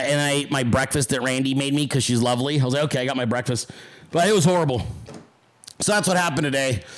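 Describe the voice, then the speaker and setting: A man's voice: mid-range voice, fairly bright tone. A man hosting his own show, telling a rambling, profanity-laced story with quoted voices in a casual monologue. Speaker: podcast host.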